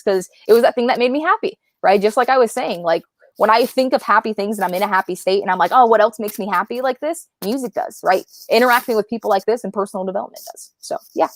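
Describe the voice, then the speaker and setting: Fast-talking young woman, chatty. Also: mid-range voice, no room sound. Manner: chatty, says "right?" often. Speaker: guest. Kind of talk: casual interview chat.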